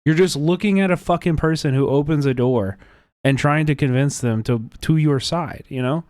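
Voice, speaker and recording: A man's voice: medium pitch, no echo. Dry-voiced man ranting casually on stream. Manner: animated, profane, rambling with restarts. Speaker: livestream host. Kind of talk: casual reaction chat.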